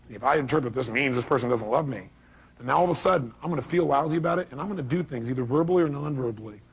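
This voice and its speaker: A man's voice: mid-range voice, rapid-fire, creaky, husky. A man giving a motivational seminar talk, emphatic and full of rhetorical questions, acting out little dialogues. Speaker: motivational speaker.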